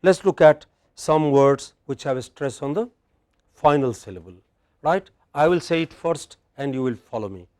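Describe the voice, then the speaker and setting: A man with an Indian English accent teaching in a classroom, leading a drill and stressing each word loudly for the class to repeat. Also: a little high, expressive, moderate pace.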